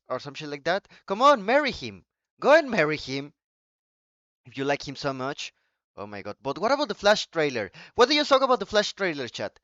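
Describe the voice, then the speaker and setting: A live streamer whose native language is Spanish chats casually, his fairly high, smooth voice racing through an excitable rant. He swears freely and keeps restarting sentences. The recording is dry and a little muffled.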